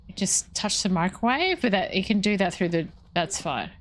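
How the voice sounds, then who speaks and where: A woman's voice: mid-range voice, animated, moderate pace, a little hiss or hum. A woman streaming a ghost-hunting game, thinking aloud and questioning the ghost. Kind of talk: live gameplay commentary.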